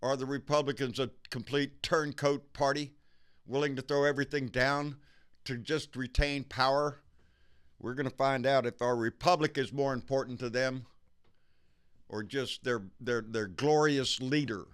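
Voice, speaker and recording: Host: Texan man, bright clear voice, fired-up profane political rant. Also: mid-range voice, fairly even intonation, normal speed. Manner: profane, fired-up, repeats "baby".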